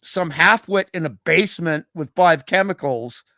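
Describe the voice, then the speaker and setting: A man hosting a casual chat, musing at length with drawn-out asides. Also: on the high side, sharp tone, no room sound, studio quality. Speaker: podcast host.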